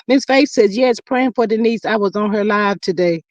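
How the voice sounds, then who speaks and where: Lady hosting a live chat stream, chatty and lively, dry close sound, reads comments out loud. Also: dry recording, dull audio. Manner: chatty, lively, drawn-out greetings, sudden high exclamations.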